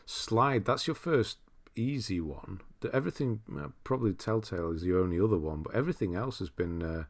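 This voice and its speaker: Hosting a live stream, this man chats in a lowish voice at a slightly fast clip. He's laid-back and meandering, reading out chat messages with plenty of laughter.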